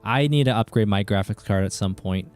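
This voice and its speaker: A man streaming a game live, chatting casually with viewers and reacting with excited outbursts. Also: fairly low pitch, brisk, smooth, faint music behind.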